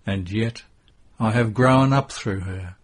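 A man's voice: on the low side, slightly rough. A man voicing Jesus as a solemn, tender figure bidding farewell, in a devotional audiobook reading. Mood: sorrowful, tender. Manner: slow, grave and tender.

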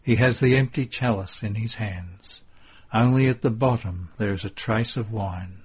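A man narrating a devotional text in a measured, hushed storytelling manner. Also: lowish voice, breathy edge.

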